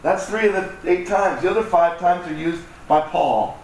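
Pastor in an echoey church hall. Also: male voice, high-pitched, normal speed, a little mellow, far from the mic. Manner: conversational, self-deprecating, acts out voices. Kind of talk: sermon. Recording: echoey hall, mic from afar, faint noise.

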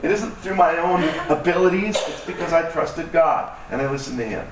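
At normal speed and a slightly high pitch, a man preaches a conversational sermon, poking fun at himself and acting out voices. The recording comes from a distant mic in an echoey hall, with a little noise.

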